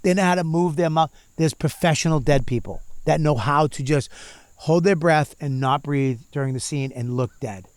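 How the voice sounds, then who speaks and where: A middle-aged man with a fairly high voice tells his stories emphatically and often says "dude." He gets loud as the stories build. The sound is dry and close, in a casual outdoor chat. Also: normal speed, no echo. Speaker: comedian podcast co-host. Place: outdoors in a tobacco field.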